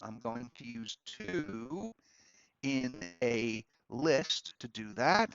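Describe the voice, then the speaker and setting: A man, a law professor, giving a relaxed, conversational screen-recorded lesson at his computer, with frequent ums and asides. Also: mid-range voice, smooth, lo-fi sound. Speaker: law professor teaching a course.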